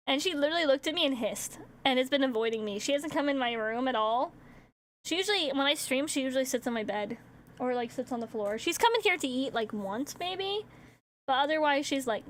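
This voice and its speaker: A woman's voice: sits high, normal speed, a little hiss or hum. A young woman streamer rambling in casual chat, with lots of fillers and acted-out asides.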